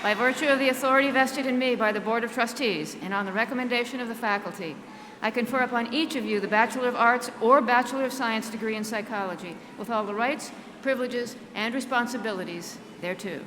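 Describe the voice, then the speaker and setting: A woman official conferring degrees in a brisk, formulaic ceremonial recitation. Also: a little high, a bit bright, slight background noise. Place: large ceremony hall. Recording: long hall reverb, faint ambience.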